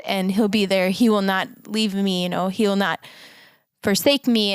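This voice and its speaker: Earnest american woman chatting on a podcast, smooth voice, dry close sound. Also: medium pitch, no room sound. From United States. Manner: earnest, reflective, laughs often. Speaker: podcast co-host. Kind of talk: casual chat.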